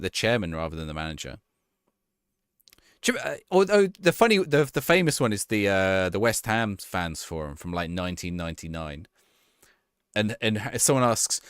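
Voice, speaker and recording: A man's voice: medium pitch, fairly bright tone, dry recording, studio quality. A man streaming a game, reading out viewers' questions and answering them offhand in casual chat, often restarting his sentences.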